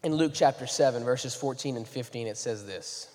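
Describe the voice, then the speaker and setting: A man's voice: mid-range voice, a little fast, hardly any pauses, long reverb tail. A young man, preaching a sermon as a pastor, moving between jokes and earnest pleading. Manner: animated, joking then earnest and pleading.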